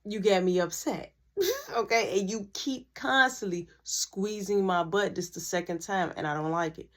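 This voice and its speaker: A woman telling a school story in a slangy, animated storytime style, acting out the dialogue. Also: medium pitch, moderate pace. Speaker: vlogger. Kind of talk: storytime narration.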